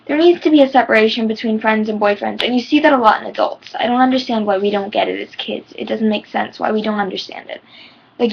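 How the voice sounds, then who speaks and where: A woman's voice: medium pitch, vocal fry, breathy edge, dull audio. A teenage girl giving personal advice in a rambling, heartfelt vlog, her voice shaking near tears. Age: teens. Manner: rambling, heartfelt, many ums. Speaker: vlogger.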